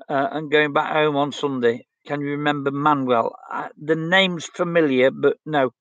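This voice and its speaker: A man's voice: on the high side, fairly even intonation, measured pace, a bit bright, no room sound, dull audio. A blunt, outspoken man, chatting casually as he reads out viewer comments on his stream. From England. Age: 60s. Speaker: livestream host.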